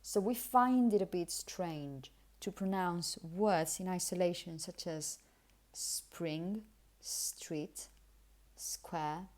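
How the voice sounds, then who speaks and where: Woman, Spanish accent, native Spanish speaker, pronunciation teacher, careful word-by-word delivery, slow. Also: fairly low pitch, a little mellow. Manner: careful, deliberate model pronunciation of words. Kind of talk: language lesson.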